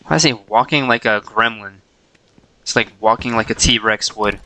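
A man's voice: lowish voice, normal speed, bright, forceful tone, dry recording, rough recording. A man casually chatting to himself while streaming a game, playful and chuckling.

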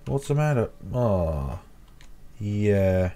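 A young man works through a horror game, voicing the dialogue himself and dropping dry, sarcastic jokes between lines. He speaks at a slow, unhurried pace in a mellow, darker tone, with a faint hiss of noise behind him. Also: on the low side, very animated. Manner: sarcastic, joking asides. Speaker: let's play gamer. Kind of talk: reading game dialogue aloud and commenting on a horror game.

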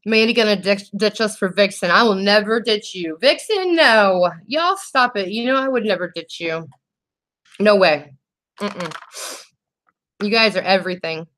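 Reading comments from her viewers, a woman on a beauty livestream grows emotional and thankful, sometimes tearing up as she chats. She speaks at a normal speed in a mid-range, slightly bright voice.

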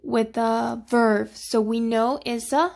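Her voice sits on the high side, steady in tone, creaky and a little mellow. As a teacher, she patiently guides children through grammar at a slow pace. She often pauses to check on them with "okay?" or "right?"

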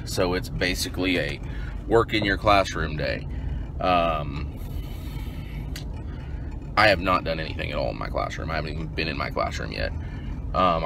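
A teacher vlogging casually on his commute, relaxed and rambling, with lots of ums. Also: low voice. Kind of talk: casual vlog while commuting. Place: car on the way to work. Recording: car noise behind the voice.

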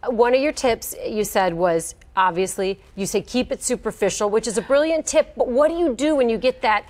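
A woman's voice: on the high side, normal speed, a little mellow. A woman hosting a TV interview, upbeat and asking prompting questions. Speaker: TV host.

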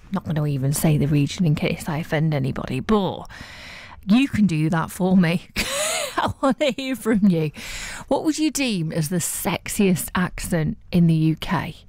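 Mancunian woman radio host, lowish voice, dry close studio mic, chatty and upbeat with filler words. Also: animated, normal speed, darkish tone, dry recording. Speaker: breakfast radio presenter. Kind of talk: chatty live radio presenting. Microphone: studio microphone.

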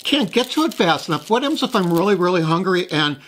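A man's voice: sits high, sing-song, fast, a bit bright, slight background noise. Chatty, rambling man hosting a snack vlog. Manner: chatty, rambling, self-deprecating. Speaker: host. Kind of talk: casual taste-test vlog.

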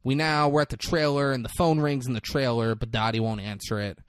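A man's voice: mid-range voice, little pitch movement, brisk, clear, resonant tone, no echo, clean studio sound. A man co-hosting a casual podcast, recapping a film plot in a profane, rambling storytelling way. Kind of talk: casual chat.

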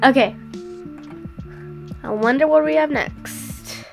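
A woman's voice: high-pitched, takes it slowly, gravelly, soft background music. A woman giving casual game commentary, exclaiming and crying out as she plays. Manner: excitable, cries out and exclaims. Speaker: gameplay commentator.

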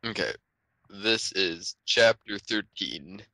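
A young man reading a story aloud to friends, unhurried and often breaking into laughter at the text, on a home microphone. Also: fairly low pitch, animated, vocal fry, bright, forceful tone, no room sound. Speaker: reader.

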